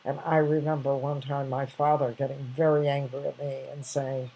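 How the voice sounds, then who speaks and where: A woman's voice: a bass voice, little pitch movement, normal speed, mellow, slightly rough, low-quality recording. An older woman casually sharing reflective anecdotes, rambling with many restarts and fillers.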